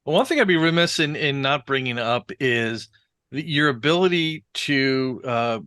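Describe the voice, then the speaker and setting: A man co-hosting a podcast who asks a long, measured interview question. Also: mid-range voice, expressive, sharp tone, clear, resonant tone, dry recording, studio quality. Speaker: podcast co-host.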